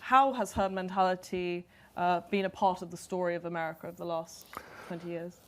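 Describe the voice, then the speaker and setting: A woman hosts a live onstage interview. She puts her questions in a measured, articulate way. Her voice sits on the low side. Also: fairly even intonation. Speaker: interviewer and host. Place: event before a live audience.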